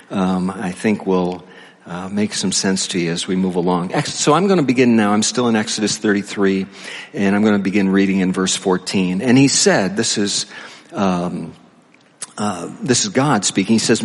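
A male pastor preaching a conversational sermon, reading scripture slowly between animated, chatty asides. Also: fairly low pitch, long reverb tail. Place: church sanctuary.

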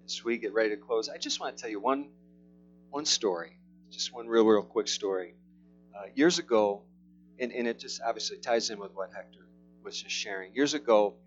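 A middle-aged man, a pastor, tells a story in a church sermon, rambling and halting with many restarts. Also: on the low side. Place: church service. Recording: slightly muffled with soft guitar.

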